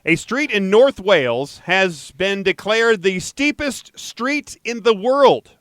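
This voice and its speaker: A man hosting a chatty podcast, animated and jokey as he riffs on odd news. His voice sits a little high for a man and sounds smooth and clear. The sound is close and dry. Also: takes it slowly, no room sound. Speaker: podcast host. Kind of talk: casual news chat.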